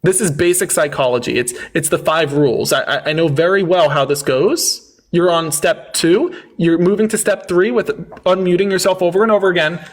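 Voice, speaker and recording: High-voiced man talking over his guest. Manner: interrupting, mocking, rapid-fire rhetorical. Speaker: livestream debate host. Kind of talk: heated live debate.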